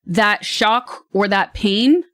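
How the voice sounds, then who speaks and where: A streamer voicing a mocking high-pitched woman who repeats animal training advice in an exaggerated way. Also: slow, fairly bright tone, no room sound, studio quality.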